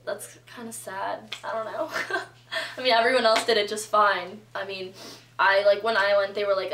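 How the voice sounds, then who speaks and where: A woman's voice: mid-range voice, fairly even intonation, moderate pace, a bit bright, distant mic, a little hiss or hum. Young woman telling a chatty story in a roomy room. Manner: chatty, filler-heavy with lots of "like" and quoted reactions. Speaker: vlogger. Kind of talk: casual storytelling vlog. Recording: roomy echo, voice a bit off-mic.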